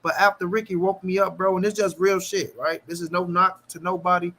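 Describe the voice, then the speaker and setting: A man's voice: high-pitched, little pitch movement, brisk, pushed and bright. A man hosting a long live stream, talking casually and bluntly, thanking his chat. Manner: laid-back, profane, agreeable.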